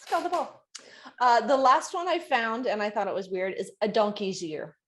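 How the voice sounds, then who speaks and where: Casting: woman, podcast co-host, playful quizzing tone, relaxed chat. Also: a little high, normal speed, slight background noise. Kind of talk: casual chat.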